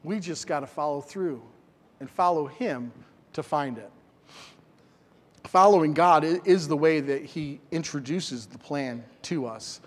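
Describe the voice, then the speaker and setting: A man's voice: a little high, unhurried, in a large hall. A middle-aged man preaching a sermon in a church, earnest and emphatic, repeating phrases for stress. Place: church sanctuary.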